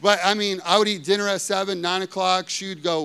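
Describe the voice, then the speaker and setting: A man's voice: high-pitched, fairly even intonation, fairly quick, bright, forceful tone, clear, resonant tone. A man preaching a sermon, telling personal stories in a conversational way with lots of filler words and questions to the audience. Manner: conversational storytelling with frequent "like" fillers.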